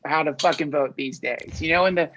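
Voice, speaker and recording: A man's voice: fairly high pitch, brisk, a bit bright, muffled recording, a little hiss or hum. A man guest on a podcast, rambling and swearing as he searches for words in casual conversation.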